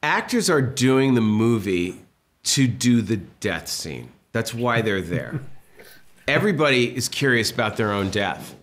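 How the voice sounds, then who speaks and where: In a relaxed interview, a Massachusetts man in his fifties who directs films spins stories and performs the lines other people said. He speaks unhurriedly, with a lowish voice.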